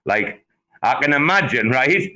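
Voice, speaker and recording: A man hosting a casual online audio chat, talking in animated, swearing banter. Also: mid-range voice, a little slow, highs cut off. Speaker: host.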